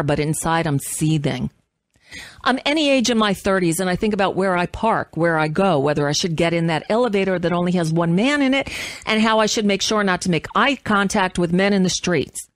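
A woman in her fifties, a radio host, reading an essay aloud with measured, impassioned delivery. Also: on the low side, no echo.

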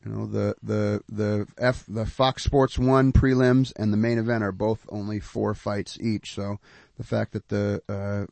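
Man, podcast co-host, gravelly fry, mid pitch, dry close sound, easygoing talk. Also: a little slow, hardly any pauses, dry recording. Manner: steady, agreeable, repeats himself. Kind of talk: casual podcast chat.

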